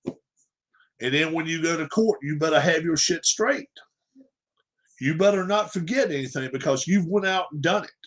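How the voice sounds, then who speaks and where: A man hosting a sports livestream, ranting emphatically, repeating points and firing off rhetorical questions. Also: a little high. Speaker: livestream host. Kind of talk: opinionated sports rant.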